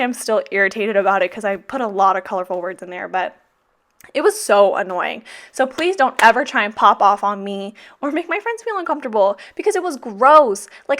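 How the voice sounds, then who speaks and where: A woman's voice: on the high side, fairly bright tone. A young woman talking through her planner in a casual vlog, blunt and heavily profane. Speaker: teacher vlogger. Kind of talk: casual plan-with-me vlog chat.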